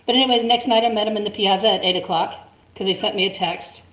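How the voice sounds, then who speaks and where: A woman's voice: mid-range voice, steady tone, fast, fairly bright tone. A woman in her forties telling a story in casual chat, chatty and laughing often. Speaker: guest. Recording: roomy echo.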